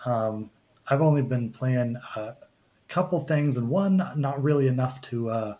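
Halting man chatting about games. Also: medium pitch, warm tone. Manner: halting, many restarts and fillers. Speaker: podcast host. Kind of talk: casual chat.

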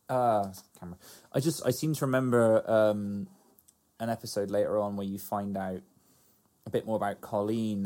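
Mellow-voiced man in casual sitcom chat. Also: on the low side. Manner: agreeable, laughs often, trails into asides. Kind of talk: casual chat about a TV show.

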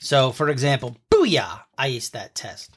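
A man's voice: mid-range voice, brisk, a bit bright. Playful man hosting a podcast quiz. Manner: playful, explains slang like a mock lesson. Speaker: podcast co-host quizzing his partner. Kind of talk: casual podcast banter. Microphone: podcast mic up close.

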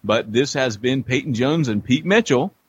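A man's voice: medium pitch, lively intonation, moderate pace, breathy edge, no room sound, dull audio. A man co-hosting a podcast, talking casually and earnestly with his guest. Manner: earnest, then joking and laughing. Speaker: podcast co-host.

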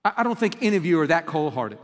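A man preaching a passionate sermon, swinging between emphatic peaks and hushed lines in a church sanctuary. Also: a little high, sing-song, fast talker, in a large hall. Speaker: pastor.

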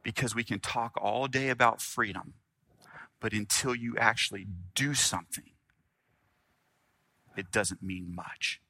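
Male pastor, sermon delivery, bright forceful tone, loud-to-hushed swings. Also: lowish voice, vocal fry, breathy edge, no echo. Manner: earnest preaching, dramatic pauses, swings from loud to hushed.

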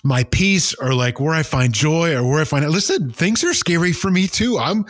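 An older man hosting a casual faith podcast, talking in an animated, preachy way. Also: a little high, moderate pace, no room sound, studio quality. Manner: animated, preachy, mimics voices. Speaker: podcast host.

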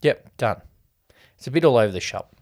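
A man's voice: mid-range voice, expressive, fairly quick, darkish tone. A man co-hosting a casual film review podcast, talking in a chatty way. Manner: chatty, quotes people in mock voices. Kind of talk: casual chat.

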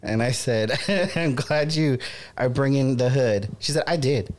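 A man's voice: mid-range voice, measured pace, darkish tone. A man hosting a podcast in casual banter, teasing his co-hosts, laughing often and mimicking other people's voices. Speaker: podcast host.

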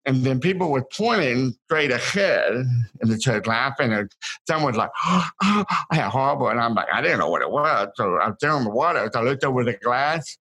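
A man of middle pitch tells stories from his childhood as an interview guest. He talks in a casual way, in halting bursts, restarting his sentences and repeating words as he goes. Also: expressive, pushed and bright, breathy edge, poor audio. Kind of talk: casual storytelling.

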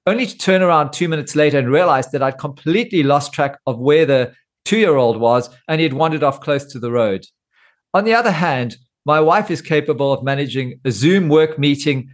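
A middle-aged man delivers a scripted monologue with a fairly high voice. He keeps a steady, explanatory tone laced with dry, self-mocking humor. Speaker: host.

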